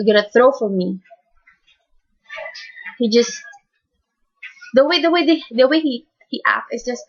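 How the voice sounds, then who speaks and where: Halting, tearful woman, lo-fi sound. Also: on the high side, expressive. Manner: halting, repeats words and restarts often. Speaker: speaker giving a personal testimony. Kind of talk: emotional faith testimony. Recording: dull lo-fi recording.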